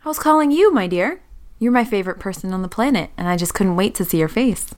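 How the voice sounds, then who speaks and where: A woman's voice: medium pitch, expressive, fast, close to an everyday voice. A woman voicing a defiant woman outlaw who taunts her pursuer with sarcastic charm. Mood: sarcastic taunting. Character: defiant young woman outlaw, mocking and sly.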